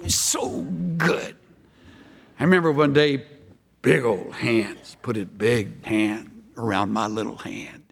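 Gravelly older male preacher, slow and emphatic. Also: fairly low pitch. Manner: emphatic, swings from loud exclamations to hushed near-whispers; storytelling, drawn-out words. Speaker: pastor. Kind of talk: sermon. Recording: long reverb of a large hall.

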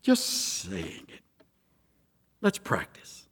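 A man's voice: extremely slow, fairly bright tone, in a large hall. A man preaching a conversational sermon in a folksy, joking way, with laughs between his points. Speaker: pastor.

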